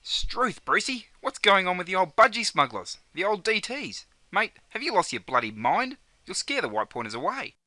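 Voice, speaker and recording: A man's voice: high-pitched, sing-song, moderate pace, few pauses, pushed and bright, no echo, full character voice. A man with an Australian accent playing an easygoing Australian mate who teases his friend. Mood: teasing.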